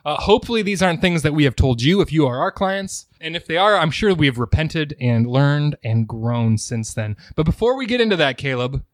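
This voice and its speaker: Male podcast co-host, lively and chuckling, close dry mic. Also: a little high, brisk, hardly any pauses, no echo. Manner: chuckling, animated storyteller. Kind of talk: casual chat.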